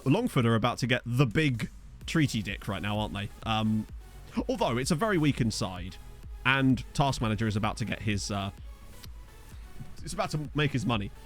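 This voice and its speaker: A chatty streamer from Essex with lively pitch and an Essex accent gives casual live-stream game commentary. He reads his chat aloud and throws in jokey asides.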